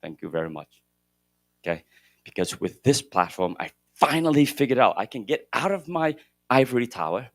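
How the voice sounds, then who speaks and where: A middle-aged man giving a motivational keynote at a conference, shifting between loud emphasis and hushed moments. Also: lowish voice, no echo, clean studio sound. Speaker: keynote speaker at a real estate conference. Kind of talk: motivational storytelling speech. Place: conference hall stage.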